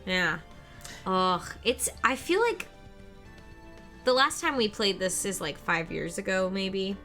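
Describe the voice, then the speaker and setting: Playful woman game streamer, bright tone, light music under her. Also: medium pitch, takes it slowly. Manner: giggly, playful banter. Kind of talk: casual chat on a game stream.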